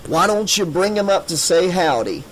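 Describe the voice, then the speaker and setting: A man's voice: high voice, expressive, moderate pace, slight background noise, pitched above the performer's own voice, poor audio. A man doing a wry joking police diver. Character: joking middle-aged male police diver.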